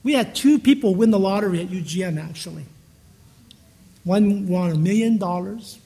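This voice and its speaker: This pastor has a high, gravelly voice, warm in tone with a breathy edge, and moves at a moderate pace. His sermon is conversational, full of chatty storytelling, and he frequently restarts his sentences.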